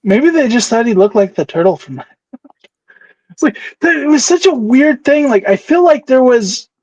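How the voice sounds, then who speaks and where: A man co-hosting a casual podcast livestream, chatty and quick to laugh. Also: extremely high pitch, very animated, a little mellow, no echo, highs cut off. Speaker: podcast co-host.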